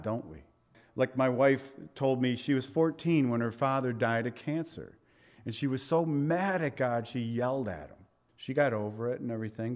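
Middle-aged guy preaching, talks like he's chatting, gets loud then drops way down. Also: mid-range voice. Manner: conversational preaching, rising for emphasis and dropping to soft asides. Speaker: pastor. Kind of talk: sermon.

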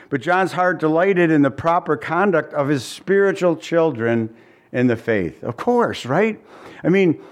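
A man preaching a sermon as pastor, animated and asking the congregation many rhetorical questions, with passages of scripture read aloud. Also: mid-range voice. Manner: reads scripture in old-fashioned wording.

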